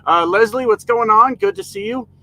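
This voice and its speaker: A man live-streams from the cab of his parked truck in a high-pitched, sharp voice at a moderate pace. There's no echo but the audio is poor, and he casually reads comments, jokes, and greets viewers by name.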